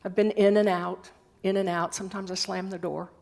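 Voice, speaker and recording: An older woman giving a sermon at a spiritual center, telling stories with gentle humor and a measured delivery. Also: mid-range voice, level tone, creaky. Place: church hall.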